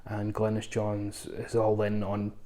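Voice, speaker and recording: Mellow, low-voiced man reviewing films. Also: monotone, a little slow. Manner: rambling, frequent ums and restarts, chatty asides. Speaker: film reviewer, channel host. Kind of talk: casual spoken film review.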